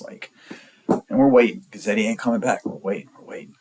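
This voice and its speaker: A man's voice: on the low side, fast talker, darkish tone, slight background noise, rough recording. A man in his forties from the San Diego area, telling a rambling, profane story in a blunt, casual way. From San Diego area, California. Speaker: storyteller vlogger.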